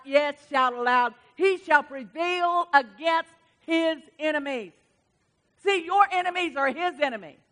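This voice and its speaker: A woman's voice: extremely high pitch, bright, forceful tone. A woman preaching a sermon to women, passionate and emphatic, breaking into exclamations and rising bursts.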